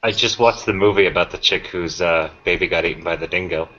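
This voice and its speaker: Deep, bright-toned man with wry asides. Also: quick pace, lo-fi sound. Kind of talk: casual group chat.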